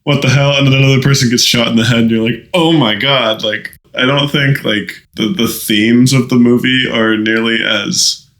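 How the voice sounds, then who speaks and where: A man's voice: mid-range voice, fairly even intonation, moderate pace, few pauses, fairly bright tone, low-quality recording. A young man co-hosting a casual movie podcast, rambling and full of "like" fillers. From Washington State. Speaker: podcast co-host.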